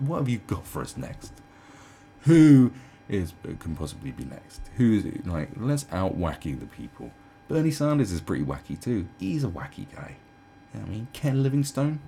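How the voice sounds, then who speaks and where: Speaking at a medium pitch with a mellow quality, a commentary host in his twenties or thirties mocks politicians at home. His monologue is casual, sarcastic, and profane, and he slips into derisive quoted voices. There's a slight hiss or hum on the audio.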